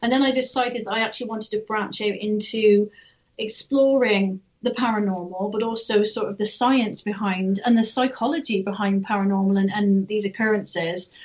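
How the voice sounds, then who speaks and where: Chatty woman guest on lo-fi audio. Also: mid-range voice. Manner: chatty, explains at length. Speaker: guest clairvoyant. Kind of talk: casual interview answers. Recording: lo-fi remote audio.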